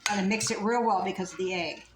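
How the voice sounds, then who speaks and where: A woman's voice: mid-range voice, fairly even intonation, fast, reverberant, background noise. A woman home cook casually talking through a recipe in her kitchen, chatty and thinking aloud as she works. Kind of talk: casual cooking demonstration.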